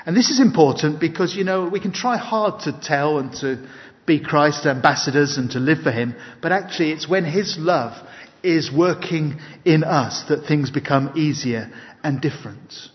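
A man's voice: fairly high pitch, animated, moderate pace. A man preaching an evening sermon, earnest and emphatic, mixing scripture with personal stories. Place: church hall. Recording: dull, long-reverb hall recording.

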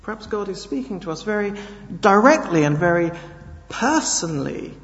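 A man's voice: high-pitched, very animated, a bit bright, big-room sound, dull audio. A man preaching a sermon, earnest and emphatic, leaning hard on key words. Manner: earnest, emphatic, slow with sudden stresses.

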